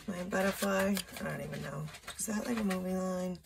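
A woman's voice: fairly low pitch, a little fast, vocal fry, noisy background. A woman giving a casual tarot reading, chatty and loose, with profane asides. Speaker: tarot reader.

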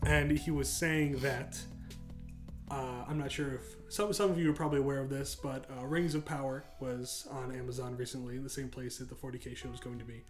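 A man's voice: mid-range voice, fairly even intonation, a little fast, music in the background. Laid-back American man chatting casually. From United States. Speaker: podcast co-host. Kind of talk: casual chat.

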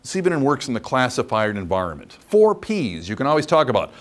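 A man's voice: medium pitch, wildly swooping pitch, fairly quick. A man teaching a training course lecture, chatty and demonstrative, often checking in with the class by asking "okay?". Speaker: instructor.

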